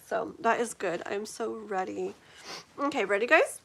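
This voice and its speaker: A woman's voice: mid-range voice, moderate pace, vocal fry, a little hiss or hum. A woman in her forties hosting a live tarot reading, chatting in a rambling, giggly way with many fillers. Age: 40s. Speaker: tarot reader hosting a livestream. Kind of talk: casual livestream chat.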